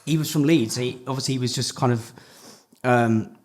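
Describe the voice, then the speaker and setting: Rambling podcast host. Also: male voice, mid-range voice, normal speed. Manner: rambling, swears, says "yeah" a lot. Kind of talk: casual chat.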